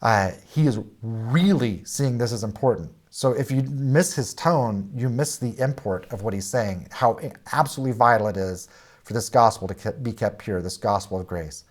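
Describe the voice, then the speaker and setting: A man's voice: medium pitch, moderate pace. Plain-spoken man teaching a Bible lesson. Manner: plain-spoken, with frequent "uh" and restarts; explains with lists of example words.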